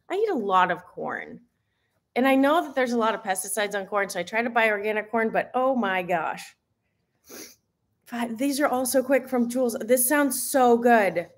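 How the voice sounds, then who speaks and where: A woman hosting a casual live stream, teary and gushing, exclaiming and laughing as she chats with viewers. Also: a little high. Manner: gushing, exclaims often, laughs between lines. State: teary, emotional. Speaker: fitness live-stream host.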